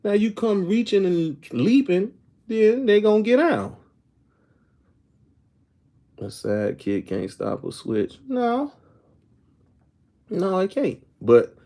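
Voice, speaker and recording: A man's voice: high-pitched, a little mellow. A middle-aged man talking casually to his viewers, rambling and often asking "you know what I'm saying", now and then reading comments aloud. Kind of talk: casual opinion talk to viewers.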